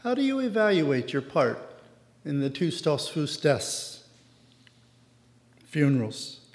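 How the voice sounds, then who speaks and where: A man voicing a gentle, probing mentor. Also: sits high, animated, normal speed. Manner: gentle, questioning.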